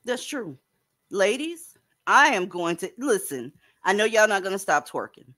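A woman's voice: mid-range voice, very animated, normal speed, bright, forceful tone. A woman hosting a casual online panel chat, blunt and profane, lecturing her listeners. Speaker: panel host.

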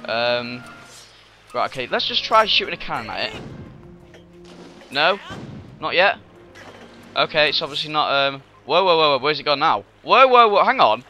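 Guy rambling through a let's play, bright sharp voice, lots of um and sudden yelps, muffled lo-fi audio with faint game music. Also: medium pitch, normal speed, pauses often. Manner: rambling and excitable, with many fillers and sudden outbursts. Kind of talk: video game commentary. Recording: dull lo-fi recording.

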